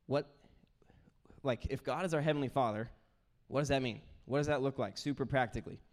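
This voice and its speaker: A young man preaching a sermon, telling family stories in an animated way and acting out his kids' voices. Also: mid-range voice, brisk. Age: young adult. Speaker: pastor.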